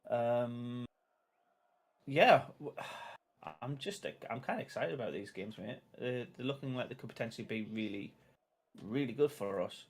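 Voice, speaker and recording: Lively in intonation and measured in pace, this mid-range male voice belongs to a Sunderland-accented host of a football watch-along stream. He keeps the live-stream chat casual and loose with viewers, laughing frequently.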